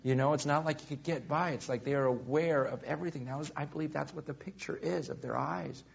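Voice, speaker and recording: Husky-voiced man preaching with fervor. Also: fairly high pitch, fast talker. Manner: animated preaching, swinging between loud emphasis and hushed asides. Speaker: pastor. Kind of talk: sermon. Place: room with a live congregation.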